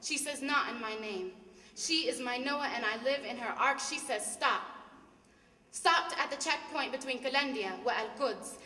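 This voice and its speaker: A young Palestinian woman performing a spoken word poem in an impassioned, rhythmic delivery that builds to shouts. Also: high voice. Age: young adult. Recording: echoey hall, mic far off.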